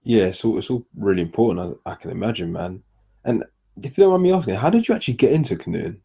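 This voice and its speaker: A man hosts a casual podcast interview in a very deep, husky voice. His tone is dark and mellow. He talks in a laid-back, friendly way and keeps addressing his guest as "man". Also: lively intonation, fast talker, lo-fi sound. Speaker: podcast host.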